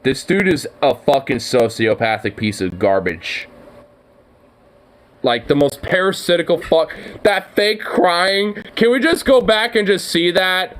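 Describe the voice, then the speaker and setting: A man's voice: high voice, lively intonation, unhurried, fairly bright tone, low-quality recording. A man streaming his reaction to a video, ranting angrily and swearing constantly. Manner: angry, swearing rants. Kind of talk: profane reaction commentary.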